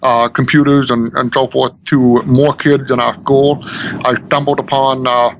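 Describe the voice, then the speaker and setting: A man's voice: medium pitch, level tone, unhurried, slight background noise. Earnest man from Maine, many fillers. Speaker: guest, school technology director. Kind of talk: podcast interview.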